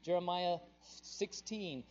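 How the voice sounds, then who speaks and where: A male pastor preaching a sermon with passion, his voice surging louder on the emphatic points. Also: high voice, takes it slowly, muffled recording.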